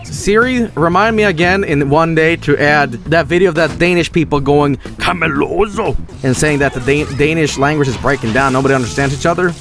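A man streaming a game, joking crudely and reacting with excitement. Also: a little high, a little fast, few pauses. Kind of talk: live game commentary. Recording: game music behind.

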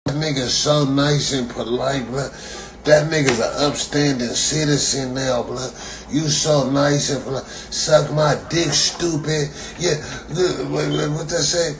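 A New comedian drawls out a profane, mocking rant at a very unhurried pace. His voice sits in a middle register and rings around an echoey room with a faint hum of background noise. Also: mid-range voice, fairly even intonation.

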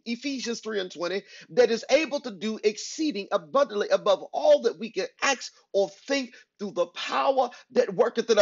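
A male preacher with a high, husky voice delivers an emphatic sermon, repeating his points and calling out to the congregation. He swings between loud bursts and quiet asides. The sound is dull and lo-fi, like a church livestream. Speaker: pastor. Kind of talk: energetic sermon to an online congregation.

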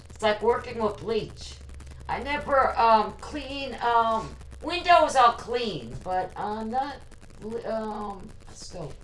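A woman livestreaming from her kitchen, chatting hesitantly with lots of ums while answering viewer comments. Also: on the high side. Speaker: vlogger. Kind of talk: casual livestream chat. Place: home kitchen. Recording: echoey kitchen, distant mic, faint hum.

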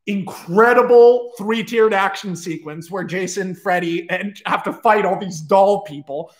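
Excitable, high-voiced man pitching a movie. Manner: excitable, profane, fast bursts with restarts. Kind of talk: casual livestream story pitch.

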